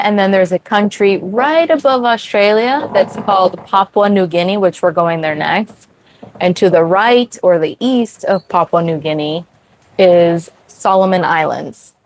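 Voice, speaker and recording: A young woman hosting a casual livestream from her sailboat at sea, chatty, full of "like" fillers and quick laughs. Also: medium pitch, slight background noise, low-quality recording. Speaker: sailing livestream host. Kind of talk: casual livestream chat with viewers.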